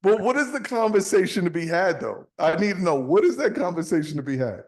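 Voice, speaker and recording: Gravelly-voiced man rambling on a podcast. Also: high-pitched, animated, fast. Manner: rambling, profane, repeats words. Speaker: podcast co-host. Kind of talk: casual chat.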